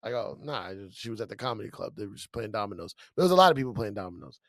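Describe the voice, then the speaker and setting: A man's voice: fairly low pitch, big pitch swings, rapid-fire, gravelly, no room sound, clean studio sound. A man in casual podcast banter, cracking crude jokes and telling road stories. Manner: joking, crude quips. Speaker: comedian podcast co-host.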